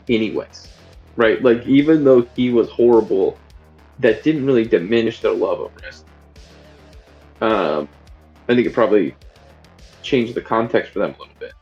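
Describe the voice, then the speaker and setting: A man's voice: mid-range voice, a little slow, long pauses, darkish tone, lo-fi sound, faint music behind. A man co-hosting a podcast, chatting casually about a film in a rambling way with many fillers and restarts. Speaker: podcast co-host.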